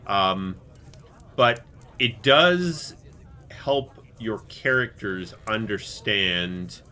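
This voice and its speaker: A man's voice: lowish voice, lively intonation, extremely slow, bright, forceful tone. A man hosting a casual podcast discussion, asking questions in a lighthearted way. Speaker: podcast host.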